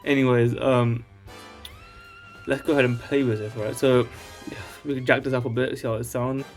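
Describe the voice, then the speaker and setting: Guy doing a laid back tech walkthrough, keeps saying alright?, mid pitch voice. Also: level tone, moderate pace, soft background music. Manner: rambling, tags lines with "alright?". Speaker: tech tutorial host. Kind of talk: casual screen-share tutorial.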